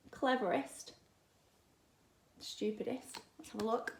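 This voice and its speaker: Expressive woman reading to kids, echoey. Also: mid-range voice, measured pace, a little hiss or hum. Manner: lively, expressive storytelling with asides. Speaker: primary school teacher. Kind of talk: children's story reading.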